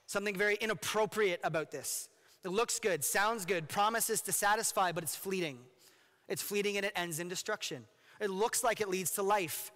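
A male pastor giving an animated, jokey sermon, often asking his listeners questions. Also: high voice, in a large hall.

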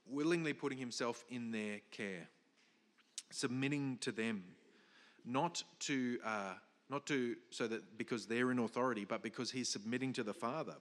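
Man preaching in a reverberant hall. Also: medium pitch. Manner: explanatory, emphatic, with restarts and fillers. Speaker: pastor. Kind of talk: sermon.

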